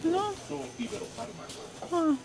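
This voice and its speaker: A woman's voice: very high-pitched, steady tone, extremely slow, heavy background noise. A young woman, chatting casually to her viewers as she vlogs on snowy streets. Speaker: vlogger. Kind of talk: casual vlog chat.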